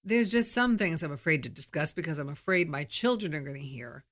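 A middle-aged woman hosts her own podcast, speaking candidly in a chatty monologue full of stories. Her voice sits low and sounds animated and a bit bright, and she talks a little fast.

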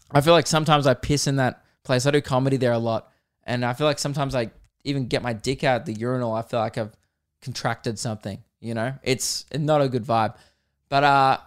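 A man's voice: mid-range voice, clear, resonant tone. A young man, hosting a solo podcast and telling a rambling, crude, self-mocking story. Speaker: podcast host.

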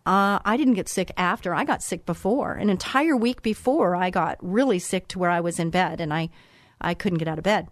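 A woman's voice: on the low side, normal speed, no echo. A middle-aged woman hosting a show, giving an earnest, emphatic motivational monologue that repeats phrases for effect. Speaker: host.

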